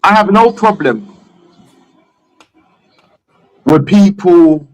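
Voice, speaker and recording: A man's voice: high voice, expressive, measured pace. A man from England, a stream guest talking bluntly and opinionatedly, swearing freely. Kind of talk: casual chat on a live stream.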